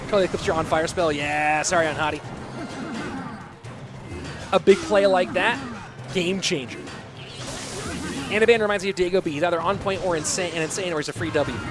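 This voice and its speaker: A man casting a live esports match, calling plays excitedly while chatting with viewers. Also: sits high, brisk, long pauses. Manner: excitable play-by-play with hype bursts. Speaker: esports caster. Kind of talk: live game commentary mixed with chat replies. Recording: game music clearly behind.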